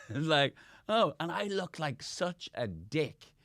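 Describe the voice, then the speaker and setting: A man's voice: a little high, sing-song, slow pace, fairly bright tone, no room sound, studio quality. A man, a comedian guest, telling rambling anecdotes with lots of restarts in a casual chat.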